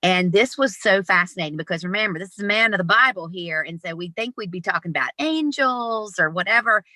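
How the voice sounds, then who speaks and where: A woman in her fifties, an animated guest telling stories with laughs in an interview over a video call. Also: medium pitch, a little fast, no echo. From Southern United States. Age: 50s. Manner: animated, laughing, lively storyteller. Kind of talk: storytelling interview.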